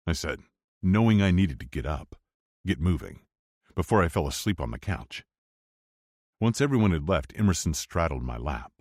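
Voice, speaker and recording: A man narrating a romance audiobook in the first person, with expressive storytelling. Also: rumbling low, normal speed, no echo, studio quality. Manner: expressive storytelling, wide swings for dialogue.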